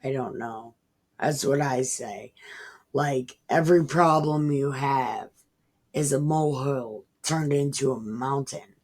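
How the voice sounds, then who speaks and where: A woman's voice: extremely low pitch, slow, darkish tone. A woman casually reading scripture aloud and commenting on it in a rambling, irreverent way, cursing freely. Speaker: online Bible reader.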